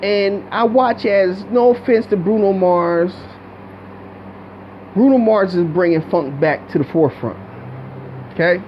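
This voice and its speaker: A man's voice: high-pitched, a little slow, pauses often, muffled recording, slight background noise. A man giving a blunt, profane, rambling commentary rant with many restarts. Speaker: video commentator.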